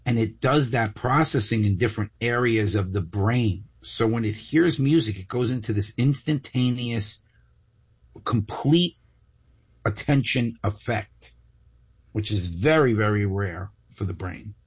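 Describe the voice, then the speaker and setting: A hoarse man co-hosting a casual trivia show, jokey and explanatory. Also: lowish voice, a little slow, no echo. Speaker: co-host. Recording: dull dry studio sound.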